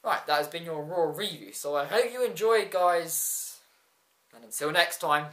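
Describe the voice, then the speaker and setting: A wrestling show reviewer talking casually, excitable and rambling with quick asides. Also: medium pitch. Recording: echoey room.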